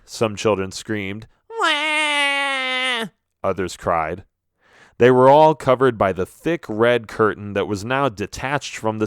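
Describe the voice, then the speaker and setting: A man narrating a children's storybook in the first person, with an animated, expressive reading. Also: mid-range voice, clean tone, no room sound, studio quality. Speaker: audiobook narrator.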